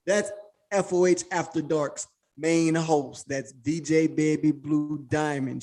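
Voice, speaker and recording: A podcast host with a fairly high voice chats and swaps stories in a loose, profane way. He often stops and restarts his sentences as he talks. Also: darkish tone. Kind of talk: casual podcast chat.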